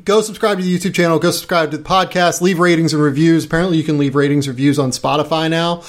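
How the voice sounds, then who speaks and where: A man's voice: fairly high pitch, steady tone. A man hosting a casual podcast chat, talkative and self-deprecating. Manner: chatty, self-deprecating, quick asides. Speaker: podcast host.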